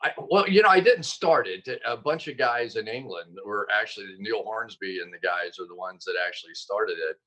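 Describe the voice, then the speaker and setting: Casting: man, low-pitched, bright timbre, animated self-deprecating storyteller on a video call. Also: moderate pace, few pauses, poor audio. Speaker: guest, former football player and broadcaster. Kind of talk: interview over video call.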